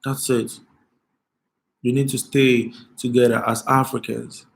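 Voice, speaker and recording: A man's voice: mid-range voice, flat delivery, unhurried, vocal fry. A man hosting an emotional live stream, speaking with passion and repeating his phrases as he pleads with his viewers.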